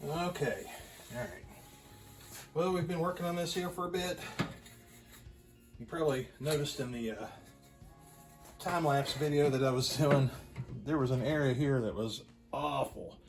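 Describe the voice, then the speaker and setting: A man's voice: fairly high pitch, faint music behind. Easygoing man demoing at his workbench. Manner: thinks aloud, loose and unhurried. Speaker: pinball restorer. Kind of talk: casual workshop demonstration. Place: home workshop at a workbench.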